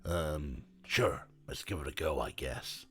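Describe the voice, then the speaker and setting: A man voicing a gruff, weary middle-aged male detective with a rough, low voice and deadpan wisecracks. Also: slow, heavily acted.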